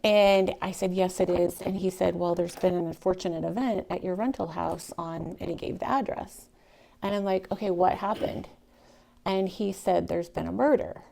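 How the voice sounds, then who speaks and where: A woman speaks to a live audience in a storytelling talk, her voice carrying a gravelly fry. She is animated and emotional, rising loud and then dropping to a near whisper. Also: fairly low pitch, moderate pace, a little hiss or hum. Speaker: speaker telling her real estate story.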